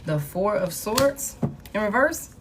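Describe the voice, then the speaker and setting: A woman running a live tarot reading talks loosely and chattily to her viewers. Her voice is pitched right in the middle of the usual range. Faint noise sits behind her. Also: lively intonation, takes it slowly. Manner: casual, chatty, talks to viewers and reads cards aloud. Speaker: tarot reader.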